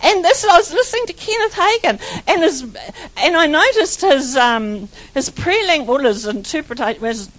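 Woman preacher, high voice, charismatic sermon, rambling and fervent. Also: lively intonation, moderate pace, rough recording. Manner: fervent, repeats phrases, breaks into laughter; rambling with restarts and stumbles.

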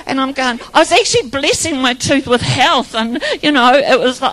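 A woman's voice: high voice, moderate pace, few pauses, fairly bright tone, low-quality recording. A middle-aged woman giving an informal sermon full of personal stories, chatty and rambling, often laughing. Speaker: preacher.

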